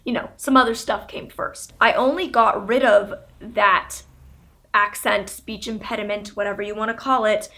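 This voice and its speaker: Bright-voiced chatty young woman. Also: medium pitch, steady tone, moderate pace, hardly any pauses. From Canada. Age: 20s. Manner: chatty, candid, with laughs and fillers. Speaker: YouTuber. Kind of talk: casual storytelling to camera.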